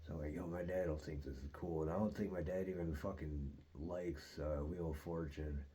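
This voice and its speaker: A man with a very deep voice rambles through a story, cursing freely and dropping "dude" and "like" everywhere. His tone is dark and relaxed, with the loose flow of casual storytelling. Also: normal speed. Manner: profane, loose, peppered with "dude" and "like"; rambling and animated in retelling. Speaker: host.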